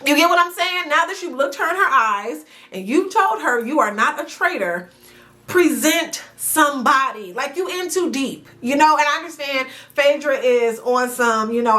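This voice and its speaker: A woman hosting a casual reality TV recap, talking straight to the viewer in an animated, chatty way and stretching words for emphasis. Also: sits high, normal speed. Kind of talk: casual commentary to camera. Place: indoors at home near a sunny window.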